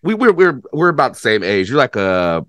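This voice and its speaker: A man's voice: medium pitch, sing-song, moderate pace, a bit bright, no echo, clean studio sound. A man about to turn thirty hosting a casual interview, chatty and laughing along, swearing now and then as he talks football. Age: 30s. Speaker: interview host, football coach.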